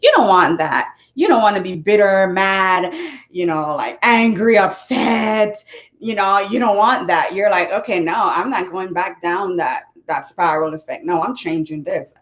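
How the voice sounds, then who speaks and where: A motivational speaker and author gives an earnest, casual talk in a medium-pitched voice at a slightly slow pace. She repeats her points, often restarts her sentences, and sometimes fumbles for words.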